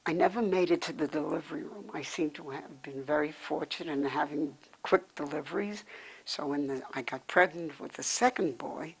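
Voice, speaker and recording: A woman's voice: low voice, creaky, husky, rough recording. An older woman from New York City telling her life story in an interview, rambling and backtracking as she remembers. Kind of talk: oral history storytelling.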